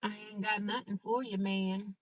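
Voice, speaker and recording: A woman's voice: mid-range voice, moderate pace, no echo, far from the mic, rough recording. A woman chatting casually on a livestream, telling her stories bluntly and animatedly and repeating herself for emphasis. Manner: blunt, repetitive, animated storytelling. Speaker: livestreamer sharing her daily life.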